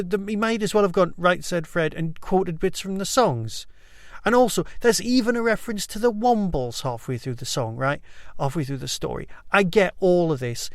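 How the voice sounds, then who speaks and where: A man hosting a solo review podcast, talking with loose, enthusiastic chatter and plenty of asides. His voice sits a little higher than most men's. The sound is close and dry, with almost no room around it. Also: no echo. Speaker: podcast host.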